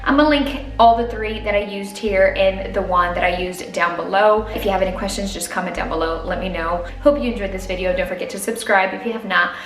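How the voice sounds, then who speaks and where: A woman's voice: mid-range voice, a little fast, hardly any pauses, slight background noise. A woman vlogger chatting casually through a hair tutorial and product review, upbeat and talking through each step. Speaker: beauty vlogger. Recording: echoey room with faint music.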